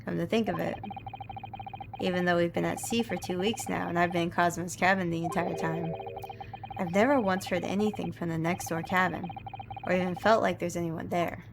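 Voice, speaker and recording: A woman's voice: fairly low pitch, fairly even intonation, moderate pace, creaky. A woman voicing a polite, earnest young male lawyer asking careful questions, over background noise.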